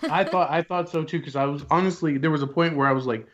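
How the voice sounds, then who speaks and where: A man's voice: on the high side, fast talker, hardly any pauses, dull audio. A man co-hosting a podcast, chatting loosely and reminiscing in a casual movie review. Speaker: podcast co-host.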